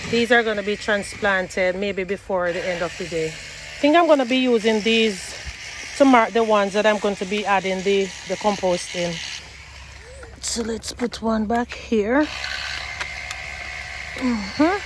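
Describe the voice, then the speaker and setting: A woman's voice: medium pitch, moderate pace, noisy background. A woman hosting a gardening vlog outdoors, chatting casually with her viewers and calling them guys and y'all. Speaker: gardening channel host.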